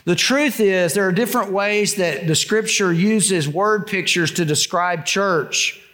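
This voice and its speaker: Older man pastor telling a story. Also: a little slow. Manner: conversational, repeats words and restarts, drops low and soft for quoted lines. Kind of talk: sermon storytelling.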